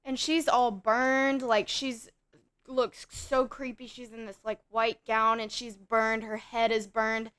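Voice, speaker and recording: Woman podcast co-host, smooth clear tone, steady casual plot summary. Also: fairly high pitch, slow pace. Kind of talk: casual film review chat.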